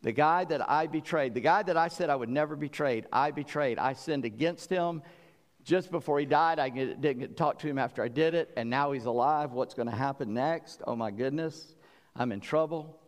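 A man's voice: a little high, normal speed, in a large hall, close to an everyday voice. A man preacher voicing a frightened, remorseful male disciple, anxious and full of self-reproach.

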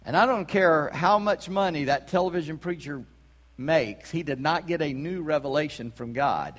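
High-voiced pastor preaching. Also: male voice, normal speed. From South Carolina. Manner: conversational, emphatic, rhetorical questions. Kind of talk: sermon. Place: church sanctuary. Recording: long church reverb.

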